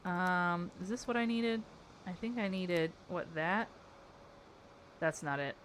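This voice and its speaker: A woman's voice: lowish voice, slow, slight background noise. A young woman streaming live, chatting casually with her chat while building in a game, playful and exasperated. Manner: playful, exasperated, reacting to chat with frequent laughter.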